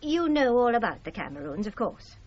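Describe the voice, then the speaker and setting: A woman's voice: on the high side, sing-song, fairly quick, a little mellow, slight background noise. An actress playing a chatty older British woman who patiently, somewhat condescendingly explains her past. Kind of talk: radio drama acting. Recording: dull lo-fi radio recording.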